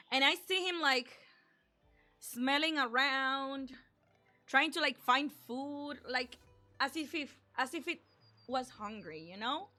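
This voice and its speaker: A woman streamer telling a personal story in an animated, chatty way, acting out the dialogue and saying "like" often. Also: sits high. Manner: animated, acts out dialogue, frequent "like". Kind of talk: casual storytime.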